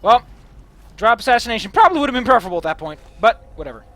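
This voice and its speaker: A man's voice: very high voice, big pitch swings, very fast, fairly bright tone. A young man commentating a game, giggling, rambling and swearing casually. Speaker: let's play host. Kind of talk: gameplay commentary.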